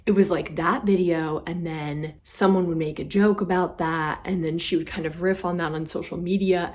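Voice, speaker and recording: Woman vlog host with a lowish voice, chatty and a bit dramatic. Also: darkish tone. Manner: chatty, dramatic, with playful exaggeration. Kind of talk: casual commentary vlog.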